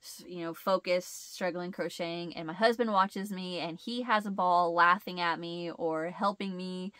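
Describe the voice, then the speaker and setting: A woman's voice: fairly low pitch, steady tone, moderate pace, fairly bright tone, no echo. A woman hosting a casual chat, rambling and laughing often, with a stuffed-up nasal sound. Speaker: host.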